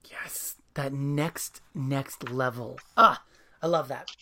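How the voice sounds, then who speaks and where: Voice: mid-range voice, slow pace, pushed and bright. Enthusiastic interviewer with fillers. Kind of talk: casual conversation and reading aloud.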